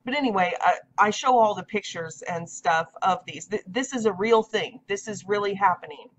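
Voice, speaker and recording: An American woman in her thirties delivers a casual vlog monologue to camera in a mid-range voice at normal speed. She is emphatic and insistent, often repeating her points. The audio is dull and lo-fi.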